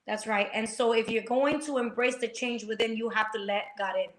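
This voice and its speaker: A woman's voice: on the high side, steady tone, a little fast, roomy sound. A woman sharing a personal faith testimony on a talk show, speaking with passion and a preacher-like fervor. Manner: passionate, preacher-like, acts out quotes.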